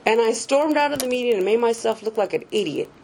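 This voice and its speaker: A woman with a slightly high voice shares her own story in a casual, confessional way. She is candid and self-mocking, laughs at herself often and swears freely. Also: fast, a little mellow, slight background noise. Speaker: speaker sharing a recovery story. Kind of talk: personal testimony, casual storytelling.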